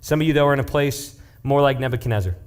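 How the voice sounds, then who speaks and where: A young man, a youth pastor, preaching in a casual, animated way, retelling a story and dropping into hushed asides. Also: mid-range voice, quick pace. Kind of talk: youth-group sermon storytelling.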